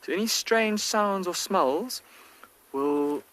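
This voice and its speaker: A man working as a field guide, giving hushed, excited live wildlife commentary outdoors from a safari vehicle, with the mic close to his face. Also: high-pitched, slow pace, poor audio. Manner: hushed, near-whispered, excited.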